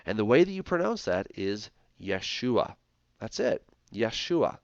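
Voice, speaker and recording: Low-voiced man teaching from screen. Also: very animated, brisk, vocal fry, no room sound, dull audio. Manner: explanatory, asks "right?" often. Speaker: Bible teacher. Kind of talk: screen-share lecture.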